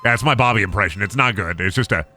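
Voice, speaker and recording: A man's voice: fairly low pitch, fast, pushed and bright, soft background music. A young man live-streaming a game, rambling goofily and joking as he plays. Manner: goofy, rambling, sings and jokes. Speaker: gaming streamer. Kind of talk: casual live-stream commentary.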